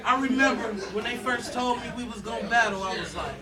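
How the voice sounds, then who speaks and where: A man's voice: very high-pitched, quick pace. A man in a live rap battle delivering insults as a conversational story. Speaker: battle rapper. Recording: distant live recording over a loud crowd.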